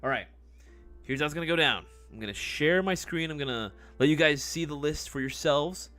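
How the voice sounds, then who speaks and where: A man's voice: on the high side, brisk, sharp tone, faint music behind. A man hosting a casual livestream giveaway, joking and swearing, talking back to the live chat. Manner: swears loosely; mock ASMR murmur. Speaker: livestream host.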